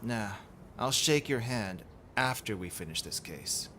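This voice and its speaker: A man's voice: lowish voice, animated, unhurried, pushed and bright, a little hiss or hum. A man voicing a determined, earnest young detective in his own plain voice.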